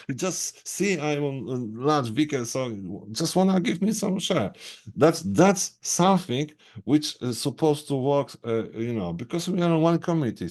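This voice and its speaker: A radio interviewer whose first language is Polish chats casually, speaking haltingly with many fillers and restarts and laughing often. His voice is mid-range and a little mellow.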